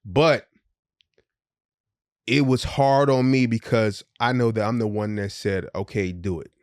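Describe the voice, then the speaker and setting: A middle-aged man tells a long personal story on a podcast, candid and a little profane, slipping into the voices of the people he quotes. His voice sits low, and the recording is close and dry, with no room sound. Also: fairly even intonation, a little slow, darkish tone, no echo. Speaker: podcast co-host. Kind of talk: casual storytelling chat.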